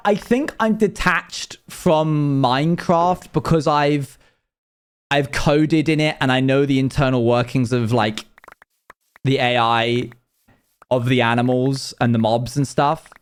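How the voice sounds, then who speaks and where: A man's voice: medium pitch, slow pace, clear, resonant tone. A young man casually chatting with his stream viewers, telling rambling stories with frequent laughs. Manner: rambling, laughing, self-deprecating storytelling. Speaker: live streamer.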